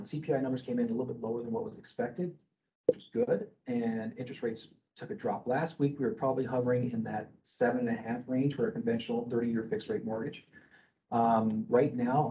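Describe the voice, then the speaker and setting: A man's voice: medium pitch, dull audio, slight background noise. A middle-aged man working as a mortgage broker, talking loosely to a group with lots of fillers and restarts and tagging sentences with "okay?". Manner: rambling with many fillers and restarts, checking in with "okay?"; loud speaking voice. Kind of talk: casual presentation to a group.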